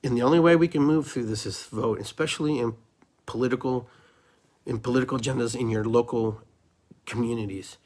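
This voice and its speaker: A middle-aged man delivers an impassioned solo podcast monologue as host, speaking fervently and preachily and repeating phrases for emphasis. His voice is mid-range and a little mellow, and he talks fairly quickly.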